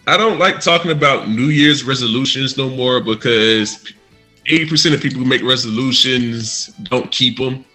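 A man's voice: mid-range voice, moderate pace, sharp tone, faint music behind. A man hosting a casual podcast chat, playful and steering with questions. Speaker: podcast host.

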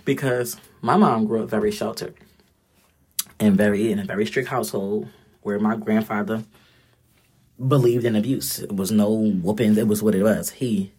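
A woman's voice: extremely low pitch, fairly even intonation, normal speed, mellow, breathy edge. A woman in her thirties giving a blunt, profane, direct casual monologue as a vlogger.

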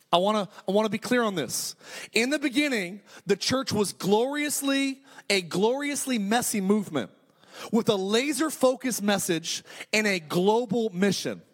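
A man's voice: sits high, fairly bright tone. A man preaching a sermon with emphatic, repetitive delivery and frequent restarts. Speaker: pastor.

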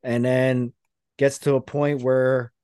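A man's voice: medium pitch, little pitch movement, slow, mellow, smooth, dry recording, studio quality. A man hosting a podcast, rambling through a play-by-play retelling in casual chat. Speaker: podcast host.

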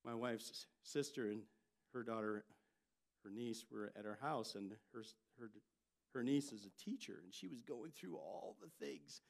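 An older man, a pastor, preaching a sermon and telling family stories with lively jumps in loudness. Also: medium pitch, unhurried, vocal fry. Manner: storytelling, animated delivery with jumps in loudness.

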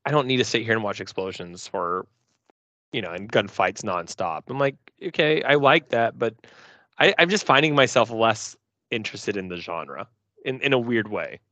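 A man's voice: lowish voice, lively intonation, moderate pace, bright, forceful tone, dry recording. A man co-hosting a podcast, chatting casually and bluntly about movies. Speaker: podcast co-host. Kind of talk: casual movie review chat. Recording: dry, dull lo-fi podcast audio.

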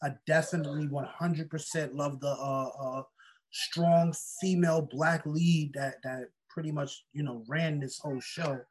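A co-host in a casual movie review chat, relaxed and agreeable, often chuckling. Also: medium pitch, measured pace, husky.

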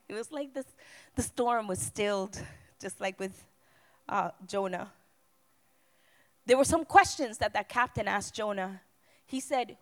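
A middle-aged woman pastor preaching a sermon, swinging from loud cries to hushed, quiet appeals. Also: sits high.

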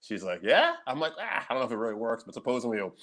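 A man co-hosting a podcast, telling stories in casual chat, animated and laughing often, with frequent swearing. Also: medium pitch, rapid-fire, vocal fry. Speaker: podcast co-host.

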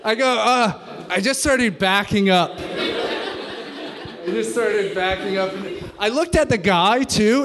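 On a comedy club stage before an audience, a stand-up comedian in his thirties tells a story with a high-sitting voice. He is animated and profane, acting out every quote, and the background is noisy.

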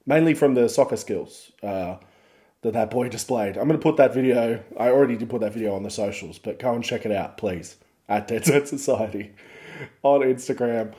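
A man hosting a podcast, rambling and joking in a casual monologue that turns loud and excited as he retells a story. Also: mid-range voice, normal speed. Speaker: podcast host.

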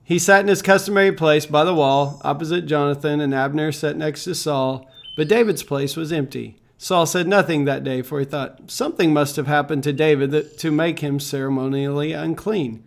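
A man leading a devotional Bible reading, calm and measured, pausing with fillers as he reflects. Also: fairly high pitch, creaky.

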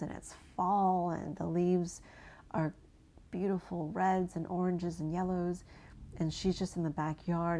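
A woman from New England gently guiding an inner child visualization, speaking softly and slowly and often dropping to a hushed near-whisper. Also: low voice, slight background noise. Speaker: inner child and energy work guide.

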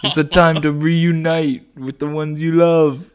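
A man's voice: fairly high pitch, level tone, unhurried, clear, resonant tone, voice pushed up, lightly acted. A man voicing a brash New York caricature with a mock New York accent and tough-guy bluster. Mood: boisterous.

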